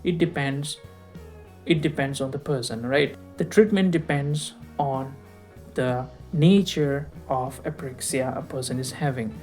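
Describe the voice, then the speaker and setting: A man giving a recorded lecture, explaining slowly and checking in with rhetorical questions like "right?". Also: medium pitch, a little mellow, soft background music. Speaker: teacher.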